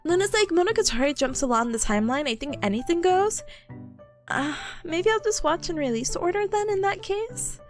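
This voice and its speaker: A woman's voice: very high voice, animated, brisk, soft background music. A young woman VTuber chatting casually with her stream chat, bubbly and giggly, rambling between topics.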